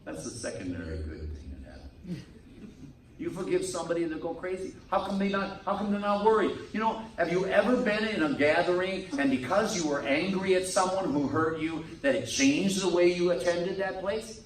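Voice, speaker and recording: A man, a priest, preaching a sermon to a men's group in a lively manner. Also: sits high, normal speed, reverberant, recorded from a distance, crowd noise, poor audio. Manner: lively preaching, acts out quoted people. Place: meeting room.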